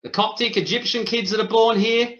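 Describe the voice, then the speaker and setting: A man in a heated panel debate, talking forcefully, cutting others off and repeating himself for emphasis. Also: very high-pitched, fairly even intonation, a little fast. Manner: forceful, interrupting, emphatic repetition. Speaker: podcast guest debater. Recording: roomy, dull lo-fi sound.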